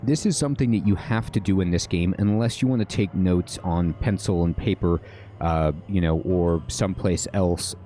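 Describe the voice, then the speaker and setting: Low, mellow-voiced man explaining a game. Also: moderate pace. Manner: relaxed, checks in often with "all right?". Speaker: game guide host. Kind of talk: casual gameplay tutorial commentary.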